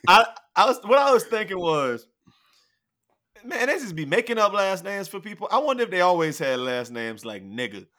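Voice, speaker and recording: Guy on a podcast, bright voice, laid back, jokes a lot. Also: high voice, very animated, normal speed. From Shreveport, Louisiana. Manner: laid-back, joking, trails off and restarts. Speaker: podcast co-host. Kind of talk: casual chat.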